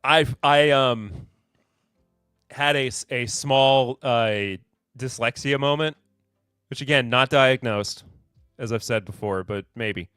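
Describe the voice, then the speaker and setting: A man's voice: medium pitch, takes it slowly, fairly bright tone, clear, resonant tone, dry recording, clean studio sound, soft background music. A man hosting a casual live-stream whiskey podcast, reading new bottle labels aloud in a rambling, sarcastic, self-deprecating way. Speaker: podcast host.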